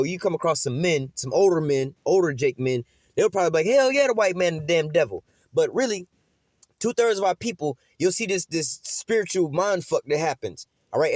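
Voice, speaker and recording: Fast-talking high-voiced man, profane and preachy. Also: a little mellow, no echo. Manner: preachy, swears constantly, keeps asking "all right?". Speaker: video commentator. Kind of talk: profane reaction commentary.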